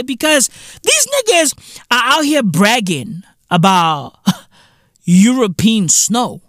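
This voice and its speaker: A South African man hosting a comedic podcast, ranting with profane, mocking energy and sudden jumps up into high exclaims. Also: a bit bright, no room sound, studio quality. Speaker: podcast host.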